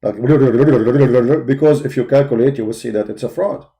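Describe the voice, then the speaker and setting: Mocking, combative man with a dark voice. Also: mid-range voice, a little slow. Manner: mocking, insulting, emphatic repetition. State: tired voice. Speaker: host of a live call-in debate stream. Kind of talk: combative livestream commentary while searching a website.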